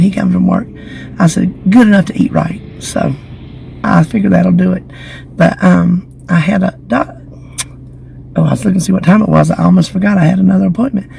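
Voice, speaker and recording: Casual vlogger, woman, gravelly and a bit hoarse, chatty and gossipy, phone mic outdoors. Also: medium pitch, darkish tone, slight background noise, rough recording. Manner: chatty, gossipy storytelling with giggles. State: slightly hoarse from lingering illness. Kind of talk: casual chat to camera. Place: outdoors in the shade beside a building. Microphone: phone camera.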